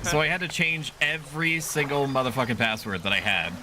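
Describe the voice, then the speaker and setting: A man's voice: mid-range voice, fairly quick, noisy background. Chatty, profane male streamer. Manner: chatty and profane, rambling asides to chat. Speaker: VTuber streamer. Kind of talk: casual gameplay livestream chat. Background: game music.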